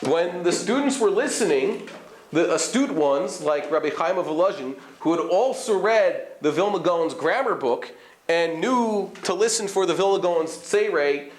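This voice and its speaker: A man, a rabbi giving a live class, explaining and demonstrating vowel sounds while checking in with his students. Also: sits high. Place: study hall classroom. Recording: echoey room.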